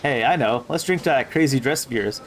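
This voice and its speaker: A man voices a plain-spoken man in a video game who answers everything flatly and without fuss. The pitch sits in the middle of the male range. Faint room noise lies in the background. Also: brisk, close to an everyday voice.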